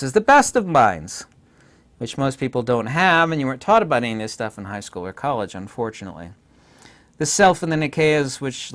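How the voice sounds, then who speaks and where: A man giving an unscripted philosophy lecture, emphatic and insistent, repeating his points and pausing on frequent hesitations. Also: mid-range voice.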